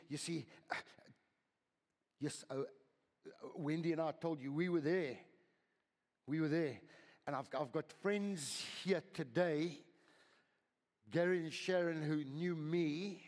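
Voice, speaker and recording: An older man preaching a sermon as pastor, swinging from loud, high exhortation to hushed whispers and repeating his words. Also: husky. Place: church hall. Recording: long hall reverb.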